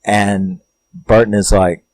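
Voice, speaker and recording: Man, deep voice, rambling and profane plot recap for a horror film review. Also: level tone, slow pace, darkish tone, low-quality recording. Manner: rambling and profane, with many fillers.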